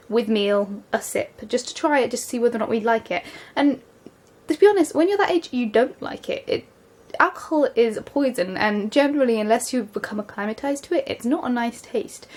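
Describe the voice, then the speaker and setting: A young English woman in a rambling, chatty vlog at home, filled with ums and quick bursts of speech. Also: fairly high pitch, a little mellow. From England. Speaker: vlogger. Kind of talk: casual vlog monologue. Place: home, just out of the shower.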